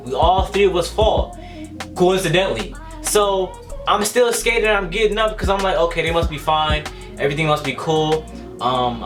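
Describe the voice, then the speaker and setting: A young man vlogging, telling a personal story in a casual, animated way, repeating himself and using many fillers. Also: fairly high pitch.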